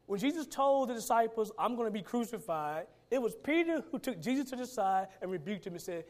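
A man with a notably high voice delivers a sermon. He talks in a plain, colloquial way, leans on key words and stretches them out, then lets his lines drop off quietly. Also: animated. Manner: preaching with rising and falling emphasis, drawn-out words; colloquial phrasing. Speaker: pastor.

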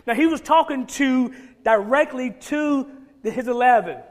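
A man's voice: very high-pitched, normal speed. A male pastor preaching a sermon, emphatic and repetitive, firing off rhetorical questions.

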